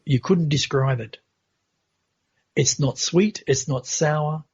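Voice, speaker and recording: Man, podcast guest, very husky voice, gravelly, earnest unhurried storytelling, dull lo-fi sound. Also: fairly high pitch, darkish tone. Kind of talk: recounting a personal spiritual experience.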